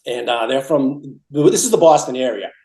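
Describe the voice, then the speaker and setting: Recorded poorly in a reverberant space, this middle-aged Massachusetts man spins stories for an interviewer, rambling, repeating and restarting. His mid-range voice has a darkish tone and moves at normal speed.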